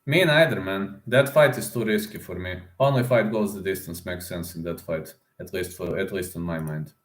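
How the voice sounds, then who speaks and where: A man's voice: low voice, normal speed. A man hosting a casual livestream, chatting with viewers, speaking as a with lots of fillers. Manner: chatty, many fillers and "man", reads chat aloud. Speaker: livestream host making fight predictions. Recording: roomy echo.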